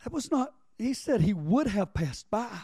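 A man's voice: sits high, sing-song, moderate pace, warm tone, husky, no room sound. A man preaching a sermon as pastor, reading scripture and calling on the congregation to respond.

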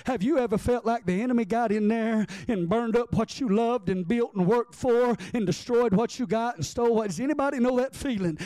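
A man preaching a sermon, animated and repetitive, stammering as he builds his points. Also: very high-pitched, no echo. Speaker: pastor.

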